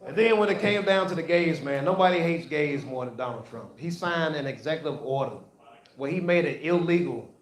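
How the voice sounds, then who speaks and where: A man's voice: fairly high pitch, lively intonation, fairly quick. A man doing a stand-up routine on a comedy club stage, telling loose, profane stories and repeating his lines. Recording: echoey live venue.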